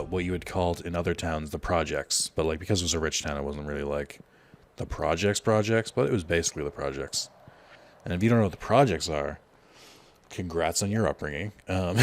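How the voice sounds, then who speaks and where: A man's voice: sits low, a little hiss or hum. A man giving casual gameplay commentary, rambling through a personal story with lots of fillers. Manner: rambling, filler-heavy, storytelling while playing. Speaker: let's play host.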